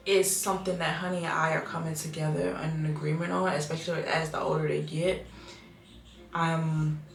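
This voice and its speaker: A woman's voice: low-pitched, roomy sound. A woman in her thirties, a mother and vlogger, talking earnestly to camera and thinking aloud with restarts and repeated phrases. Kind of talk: casual reflective talk to camera.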